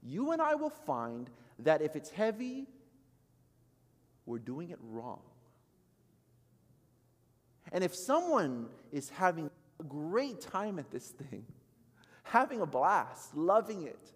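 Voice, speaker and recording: A man in his thirties preaching a sermon as pastor, telling a story with acted-out quotes and swinging between loud and soft. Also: a little high, very animated, takes it slowly, big-room sound. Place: church sanctuary.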